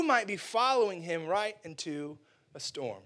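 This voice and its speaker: Animated, bright-voiced preacher man. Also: sits high, unhurried. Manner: animated, casual slang, acts out characters. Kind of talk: lively sermon.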